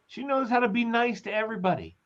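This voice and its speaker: A man's voice: extremely high pitch, animated, quick pace, a bit bright. A man hosting a casual live chat, telling rambling stories and acting out quotes. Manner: rambling storyteller, chatty, acts out quotes. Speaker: host. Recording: slightly dull lo-fi sound.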